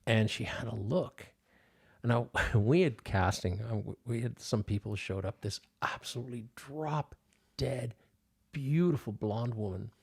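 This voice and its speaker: This older man's voice is medium-pitched, gravelly, a bit mellow and breathy, and he keeps a measured pace. He's a filmmaker being interviewed on a podcast, wandering through casual stories with many restarts and filler words.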